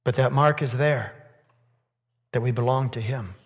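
A man preaching a sermon in church, asking rhetorical questions and building to loud, emphatic peaks. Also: mid-range voice, measured pace. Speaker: pastor. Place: church sanctuary. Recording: long hall reverb.

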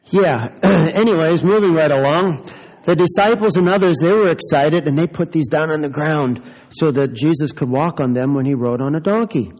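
Playful pastor, high voice, echoey church. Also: male voice, moderate pace, darkish tone. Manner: playful, teasing questions to children. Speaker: pastor giving a children's sermon. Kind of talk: children's sermon.

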